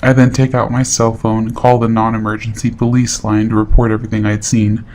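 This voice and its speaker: A man's voice: lowish voice, brisk, slight background noise. Man narrating a horror story. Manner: steady, matter-of-fact storytelling. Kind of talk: scripted narration.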